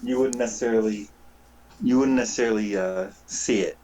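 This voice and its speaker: Halting, casual man running a tabletop game. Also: on the low side, darkish tone, low-quality recording. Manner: casual, halting, many fillers and restarts. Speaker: game master.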